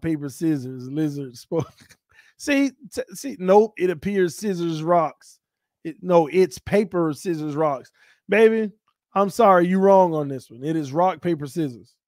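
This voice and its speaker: A man from Florida hosts a sports livestream and banters with his chat. He jokes and trash-talks with a slightly high voice. The sound is close and dry, with no room echo. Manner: playful trash talk, laughing, reading chat aloud. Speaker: sports talk livestream host. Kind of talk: casual live-chat banter.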